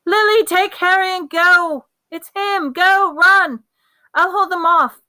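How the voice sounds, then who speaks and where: A woman reading aloud, voicing a young father who shouts a warning in panic. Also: extremely high pitch, takes it slowly, pitched above the performer's own voice, exaggerated voice. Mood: panicked.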